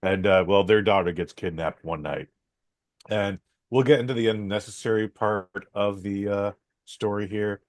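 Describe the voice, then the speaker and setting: A man's voice: on the low side, fairly even intonation, moderate pace, dry recording. A man hosting a podcast, rambling through a casual film review with many fillers, restarts and some swearing.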